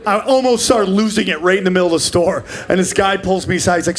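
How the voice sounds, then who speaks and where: A man's voice: high-pitched, fairly even intonation. A man in his forties performing a profane, brash stand-up set live on stage, slipping into character voices. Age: 40s. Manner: brash, profane, acts out characters in quick bursts. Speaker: stand-up comedian. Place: live comedy club stage. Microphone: handheld stage mic.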